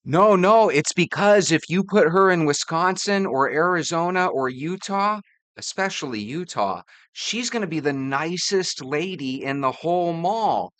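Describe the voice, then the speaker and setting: A man's voice: on the high side, animated, unhurried, a bit bright, no room sound. A man hosting a reaction video, commenting in a theatrical, teasing way.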